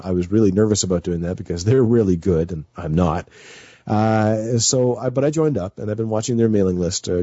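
A man's voice: deep voice, dark tone, slightly rough, no room sound, lo-fi sound. A man chatting as a guest on a radio show, nervous and rambling with many fillers and restarts. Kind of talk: casual chat.

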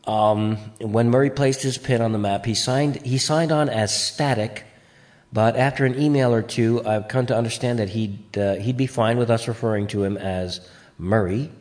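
A man's voice: medium pitch, moderate pace, a little mellow. A man hosting a podcast in casual chat, rambling with playful asides, recorded on a home mic. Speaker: podcast host.

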